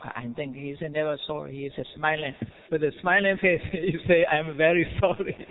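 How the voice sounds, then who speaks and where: A man's voice: a little high, clean tone. A man with a Burmese accent teaching a Buddhist lecture in simple English, checking in with his listeners as he goes. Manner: simple non-native English, frequent rhetorical checks and soft chuckles. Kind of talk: dharma lecture. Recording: tinny phone-like lo-fi recording.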